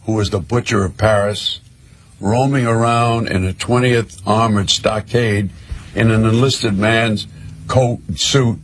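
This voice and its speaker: An older man telling a personal war story in a slow, measured way, with pauses. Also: fairly low pitch, fairly even intonation, a little hiss or hum.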